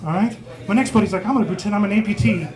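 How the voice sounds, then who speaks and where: A stand-up comedian in his forties, with a voice high for a man, rattles off a profane, self-mocking story very fast on a small pub stage. The live pub crowd is clearly audible, laughing around him.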